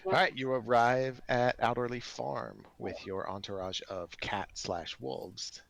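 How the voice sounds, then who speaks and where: A man narrating as game master in a relaxed, rambling way. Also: medium pitch, measured pace, vocal fry.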